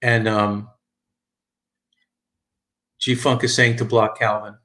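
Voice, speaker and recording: A middle-aged New Yorker with a thick New York accent hosts a casual live stream chat in a lowish, flat, slow voice with a bright, forceful tone. He rambles, repeating and restarting himself, and reads viewer comments aloud.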